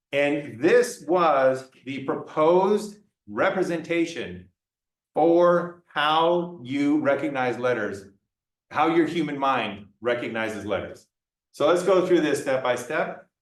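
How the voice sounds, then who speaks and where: Male lecturer, playful, classroom lecture, distant mic, roomy echo. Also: on the high side. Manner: playful, acting out examples. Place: lecture room.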